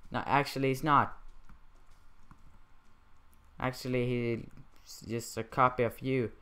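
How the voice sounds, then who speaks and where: A man's voice: mid-range voice, fairly even intonation, takes it slowly, sharp tone, clear, resonant tone. A man hosting a gaming channel, giving playful, rambling commentary and joking back at the game's characters. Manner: rambling, joking, talking to the game.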